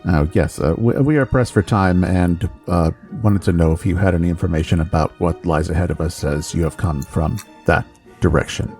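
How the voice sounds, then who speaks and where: A man voicing a composed male drow adventurer, speaking in a measured, polite, formal way. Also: deep voice, a little mellow, faint music behind.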